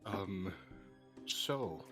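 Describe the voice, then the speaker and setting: A man's voice: low voice, animated, very slow, over music. A man playing his character in a tabletop game, with awkward, stammering jokes. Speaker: player. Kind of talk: casual in-character tabletop play.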